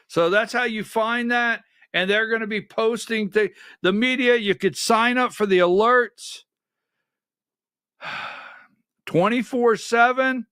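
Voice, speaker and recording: A man's voice: sits high, a little slow, pushed and bright, clean tone, no echo, clean studio sound. A man hosting a conservative political talk show, giving sarcastic, emphatic commentary and calling directions to his producer.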